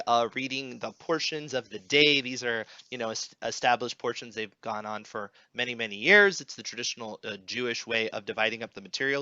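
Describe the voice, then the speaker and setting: A man's voice: medium pitch, smooth, no room sound, highs cut off. A young man co-hosting a Bible podcast, chatting casually and then reading scripture aloud at an easy pace. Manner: relaxed, friendly, reads scripture aloud with pauses. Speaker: podcast co-host.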